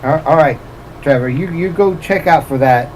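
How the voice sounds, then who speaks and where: A man playing a tabletop horror game, plain-spoken and gruff in character. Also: fairly high pitch, normal speed, darkish tone, slight background noise, low-quality recording. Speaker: player. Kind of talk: casual tabletop role-play.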